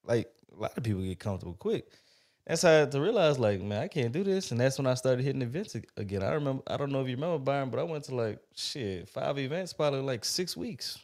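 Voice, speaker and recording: Lively gravelly man telling stories on a podcast. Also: mid-range voice, fast talker. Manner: animated, slangy storytelling with swearing. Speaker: podcast co-host. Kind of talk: casual podcast conversation.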